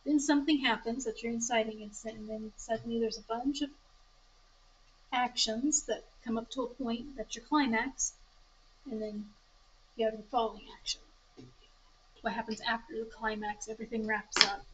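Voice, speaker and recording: Young woman, slightly high voice, relaxed club leader, chatty, self-correcting, faint background hiss. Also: normal speed, rough recording. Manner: chatty, explains through story examples, self-correcting. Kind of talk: casual teaching to a group. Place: public library meeting room.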